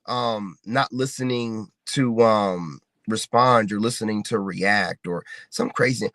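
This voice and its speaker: This dry recording captures a man with a medium-pitched, fairly bright voice. As an online commentator, he launches into a mocking, confrontational rant aimed straight at viewers, repeating his points over and over.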